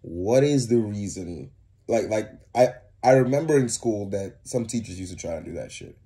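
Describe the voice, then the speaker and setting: A man's voice: on the low side, lively intonation, fairly quick, warm tone. A young man co-hosting a reaction video, ranting in heated, profane casual commentary.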